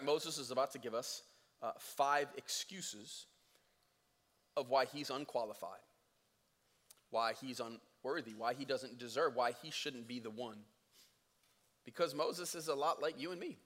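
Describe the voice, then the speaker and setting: A male pastor preaching a sermon in a conversational, energetic way, acting out scripture scenes. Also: mid-range voice. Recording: echoey church hall.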